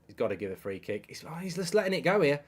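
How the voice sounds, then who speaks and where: A man's voice: a little high, sing-song, fast, breathy edge. A man hosting a live football watchalong, chatting, reading out viewer messages, and reacting to the game. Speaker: host.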